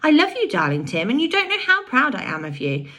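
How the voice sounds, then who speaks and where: A woman reading aloud and voicing a fearless, tomboyish girl who gives orders briskly and fiercely. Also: high-pitched, huge pitch swings, bright, forceful tone, pitched above the performer's own voice, full character voice. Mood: tender.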